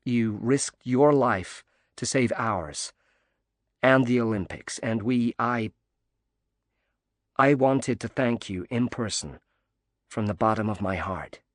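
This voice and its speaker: A man's voice: mid-range voice, slow, long pauses, dry recording, clean studio sound, lightly acted. A man voicing a cheery American woman athlete. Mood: gracious.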